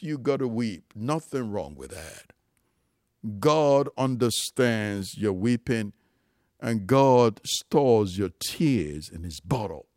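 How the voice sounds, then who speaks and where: A man's voice: medium pitch, a little mellow, dry recording, studio quality. A man preaching a sermon, emphatic and rising and falling for emphasis, calling his listeners loved ones.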